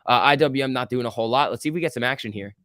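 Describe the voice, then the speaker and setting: A man hosting a live stock market stream, talking casually and reacting to viewers in chat with slangy, animated commentary. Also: mid-range voice, racing, no room sound, studio quality. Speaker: stock market livestream host.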